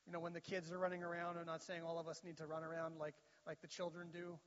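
Man preaching, slightly high voice, long hall echo, dull lo-fi sound. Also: completely flat delivery, fast, fairly bright tone. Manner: plain, conversational preaching with scripture references. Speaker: pastor. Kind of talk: sermon.

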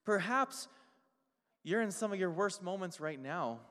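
A male pastor preaching a sermon, emphatic and repetitive, stacking short phrases and slowing down on key lines. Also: high-pitched, animated, a bit bright. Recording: long hall reverb.

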